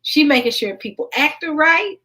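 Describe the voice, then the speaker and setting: Southern US woman, stream host, chatty and folksy, slightly high voice. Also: poor audio. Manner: lively, folksy, quick to laugh. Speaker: livestream host. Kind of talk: casual late-night livestream chat.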